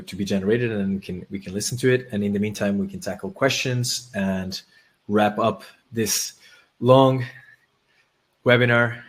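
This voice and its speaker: A man hosting a live webinar, talking casually and haltingly with many restarts while he demonstrates software on screen. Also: fairly low pitch. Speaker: webinar host.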